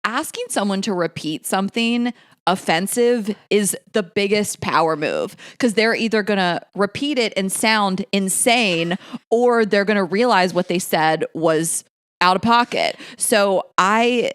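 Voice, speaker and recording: A woman's voice: medium pitch, unhurried, smooth, dry recording, clean studio sound. A woman co-hosting a podcast, chatting casually, laughing often and swearing freely. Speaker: podcast co-host. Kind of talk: casual chat.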